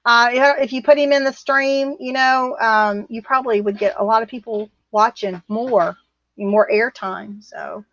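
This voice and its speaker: A woman's voice: on the high side, steady tone, moderate pace, a bit bright, dry recording, lo-fi sound. A woman co-hosting a casual livestream, chatting and reading viewer comments in a rambling, easily amused way. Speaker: livestream co-host. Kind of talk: casual live-stream chat reading comments.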